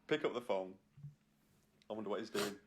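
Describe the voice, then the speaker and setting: A man co-hosting a podcast in casual chat, joking and teasing and quick to laugh. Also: fairly low pitch, lively intonation, slight background noise. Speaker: podcast co-host.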